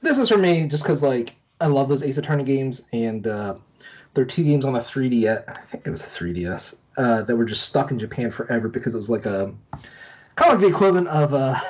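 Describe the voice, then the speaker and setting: A man co-hosting a casual gaming podcast, animated and laughing easily, with some swearing. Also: medium pitch. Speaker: podcast co-host. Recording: dull lo-fi podcast audio.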